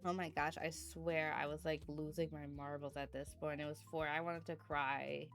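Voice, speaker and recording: A woman's voice: low-pitched, level tone, normal speed, soft background music. A young adult woman streamer chatting casually about a sleepless night, laughing often and breaking into bursts of mock outrage, sleepy and yawning. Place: indoors at home.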